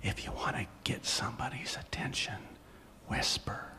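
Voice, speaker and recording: A man imitating a woman from an old shampoo commercial who speaks in a hushed whisper. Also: very high voice, very animated, fairly quick, pitched above the performer's own voice.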